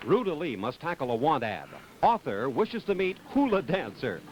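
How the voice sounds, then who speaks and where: Lively man, game show announcer. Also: a little high, moderate pace. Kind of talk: announcer reading clues. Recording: noisy 1960s TV broadcast.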